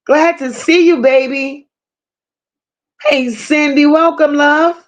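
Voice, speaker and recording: This high-voiced woman runs a livestream, greeting people in chat by name and reading out their comments, swearing often and using affectionate slang. Her intonation is fairly even, and she takes her time.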